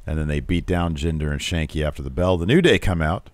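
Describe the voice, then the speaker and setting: A man with a low voice co-hosts a casual wrestling podcast, walking through matches play by play. He keeps slipping into animated impressions of the wrestlers he quotes. The sound is dry and close, with no room around it. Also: quick pace, no room sound. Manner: animated, mimics quoted wrestlers with pitch jumps. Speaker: podcast co-host.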